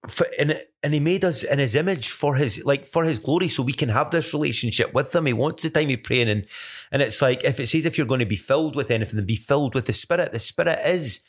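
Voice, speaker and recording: Scottish man, podcast co-host, loose rambling testimony, mid pitch, stumbles and restarts often. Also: fast talker. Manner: rambling, many restarts and self-corrections. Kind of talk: casual faith testimony chat.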